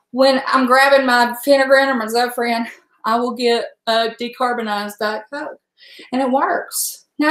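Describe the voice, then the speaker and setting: A woman talks loosely and frankly at home while she cooks for her viewers, with a salty word now and then. Her voice sits a touch high. The room around her is echoey. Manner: chatty, rambling, frank and salty. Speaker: home cook livestreaming. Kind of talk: casual chat while cooking.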